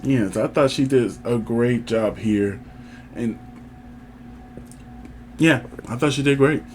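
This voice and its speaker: A man co-hosting a casual review chat, animated and teasing as he leads the talk. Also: mid-range voice, slow, slight background noise. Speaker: podcast co-host.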